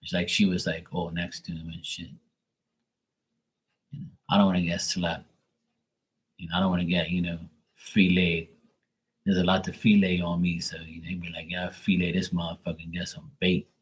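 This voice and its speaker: A live stream host who gives readings speaks in a low, level voice at a moderate pace, leaving long pauses. He rambles through a casual, slang-heavy story with plenty of swearing and acts out both sides of conversations, captured on a low-quality recording.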